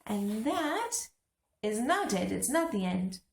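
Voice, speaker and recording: A woman reading a children's story aloud in a teacherly way, stopping to explain what the pictures show. Her voice has a gravelly edge, and the echoey room rings around it. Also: medium pitch, sing-song, slow pace. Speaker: host reading to English learners. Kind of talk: children's book read-aloud.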